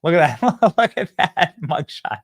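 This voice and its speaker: Animated sarcastic male show host. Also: a little high, slow, slightly rough, no room sound. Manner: animated, sarcastic, laughs often. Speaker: political commentary show host. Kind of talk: casual mocking commentary. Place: studio.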